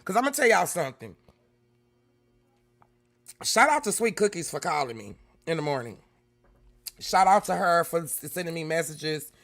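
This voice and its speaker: A woman hosting a casual livestream, greeting viewers by name and shifting between loud exclamations and quiet, emotional talk. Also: lowish voice, very animated, moderate pace, long pauses, faint music behind. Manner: emotional, swings from loud exclamations to soft near-whispers; talks straight to chat, greeting viewers by name. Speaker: YouTube livestream host.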